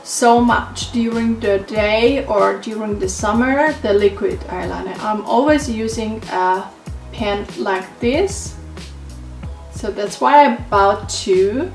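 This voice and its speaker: A woman vlogger talking through a beauty haul in casual, halting English that is not her first language, with frequent fillers. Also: medium pitch, creaky. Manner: unhurried, halting non-native phrasing with many fillers. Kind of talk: casual product haul talk. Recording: roomy echo, mic at a distance, faint music.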